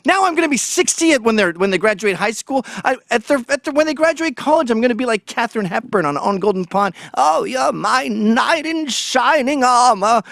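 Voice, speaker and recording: A middle-aged man giving a sarcastic, profane opinion monologue, swinging from quiet asides to shouting. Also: sits high, dry recording, clean studio sound. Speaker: commentator.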